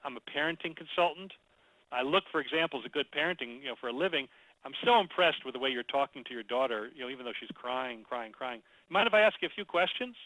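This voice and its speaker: A man's voice: mid-range voice, lively intonation, fast, sharp tone, no room sound, poor audio. A man playing an eager, friendly male parenting consultant who politely approaches a stranger.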